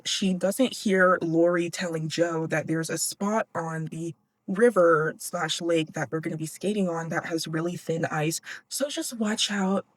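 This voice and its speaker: A woman's voice: on the low side, dry recording. A young woman hosting a casual book recap, chatty and swearing freely, laughing as she goes. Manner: chatty, profane, laughs often. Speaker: podcast host.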